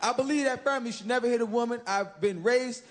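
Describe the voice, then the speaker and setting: A man in his thirties performing an animated stand-up comedy set on a club stage, shouting punchlines into a handheld mic. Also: very high voice, fast. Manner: animated, loud punchlines, bursts into shouted impressions. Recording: live club recording with crowd laughter and noise.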